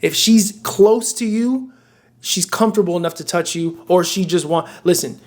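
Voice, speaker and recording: High-voiced young man ranting bluntly. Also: moderate pace. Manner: blunt and profane, emphatic with frequent restarts. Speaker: dating advice vlogger. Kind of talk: casual rant to camera. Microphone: camera mic.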